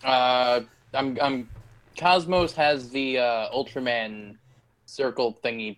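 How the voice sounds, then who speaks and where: A young man in casual podcast chat, offering deadpan, offbeat suggestions. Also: medium pitch, slow, rough recording.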